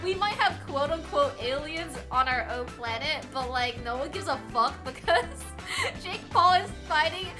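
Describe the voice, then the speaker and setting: A woman's voice: high voice, expressive, unhurried. A young woman streaming, chatting casually, rambling, laughing often and swearing. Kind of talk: casual chat. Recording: faint music behind.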